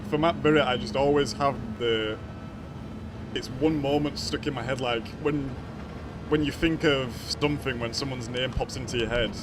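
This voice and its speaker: A man's voice: mid-range voice, steady tone, normal speed. A young man chatting casually with his live-stream viewers, greeting them by name and laughing often. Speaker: racing game streamer. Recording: racing car game noise behind. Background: engine noise from the racing game.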